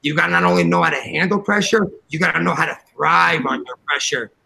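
Podcast co-host, New man, high bright voice, brash swearing storyteller. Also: fast talker, creaky, slight background noise, low-quality recording. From New Jersey. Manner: loud, profane, animated storytelling. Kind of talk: casual chat.

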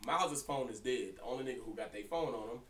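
A young man co-hosting a podcast, telling a story in casual, profane chat with an animated delivery. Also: medium pitch, fast, far from the mic, slight background noise. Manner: animated, profane, breaks into laughter. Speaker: podcast co-host. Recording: roomy echo, somewhat off-mic.

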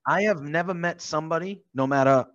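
A man's voice: a little high, fairly quick, fairly bright tone. American male co-host, enthusiastic and effusive, somewhat muffled call audio. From United States. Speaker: podcast co-host. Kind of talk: casual chat. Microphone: video call.

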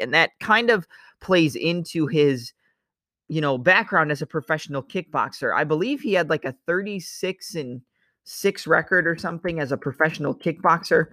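A man's voice: fairly high pitch, animated, moderate pace, bright, forceful tone, no echo, clean studio sound. A man hosting a casual fight-analysis show, talking loosely and analytically and sometimes imitating strikes with sound effects. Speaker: MMA analysis host. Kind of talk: casual fight breakdown monologue.

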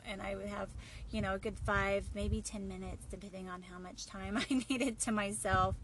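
A woman's voice: mid-range voice, fairly even intonation, normal speed, fairly bright tone, a little hiss or hum, low-quality recording. A woman hosting her own podcast, talking in an earnest, reassuring way with a few fillers. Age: adult mother of boys. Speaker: podcast host. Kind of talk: encouraging solo podcast talk.

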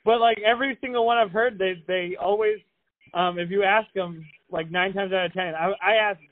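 A man in his thirties hosting a podcast in casual interview chat, enthusiastic and quick to laugh. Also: high voice, fairly even intonation. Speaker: podcast host. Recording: tinny phone-like line.

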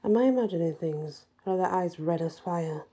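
A woman voicing a frightened young mother in a spoken story, pleading anxiously in a husky voice. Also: fairly low pitch, moderate pace, mellow.

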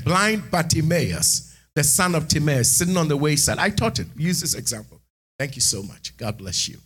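A man preaching a sermon in church, animated, moving between hushed asides and shouted lines. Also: high voice. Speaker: pastor.

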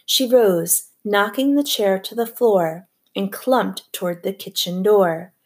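A woman narrating a novel as an audiobook reader, with a measured, even storytelling delivery. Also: mid-range voice. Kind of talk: scripted narration.

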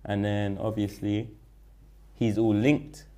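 Slangy young London man, mellow voice. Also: on the low side, slow pace. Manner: slangy, rambling, animated when retelling. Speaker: interview guest. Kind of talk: casual interview storytelling.

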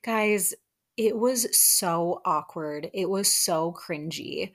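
A young woman hosts a casual chat recap, talking in a friendly, gossipy way. She is animated and often puts on other people's voices to replay what they said. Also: on the low side, slow. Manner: chatty and animated, acts out quotes in put-on voices. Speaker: podcast host recapping reality TV.

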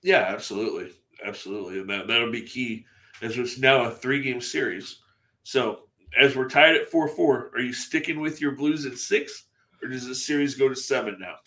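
Bright-voiced male podcast co-host. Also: medium pitch, moderate pace. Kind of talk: casual sports talk.

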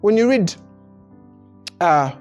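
A male pastor delivering a sermon to a responsive congregation, his pitch rising and falling freely as he drives each point home. He chuckles between phrases and repeats words as he builds momentum, with soft music playing faintly behind him. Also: slow, highs cut off. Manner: animated preaching with frequent chuckles and repeated words. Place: church service before a congregation.

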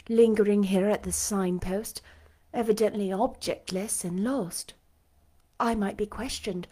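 A woman live-streaming a reading of a classic novel aloud, chatty and self-mocking between chapters and measured and expressive in the narration. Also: a little high. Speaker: audiobook reader.

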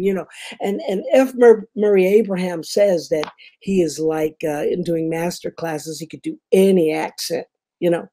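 A woman's voice: on the low side, normal speed, dark tone. An older woman with a Memphis Southern accent, telling rambling stories as an interview guest, laughing often. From Memphis, Tennessee. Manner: chatty, rambling, laughs often, says "you know" a lot. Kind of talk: casual storytelling interview.

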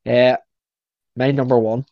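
A young man riffs through a casual podcast chat. He is sweary and playful, and he talks at an ordinary middle pitch. The recording is dry and a little dull, with no room sound. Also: measured pace, no room sound. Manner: sweary, joking, animated storytelling. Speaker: podcast co-host.

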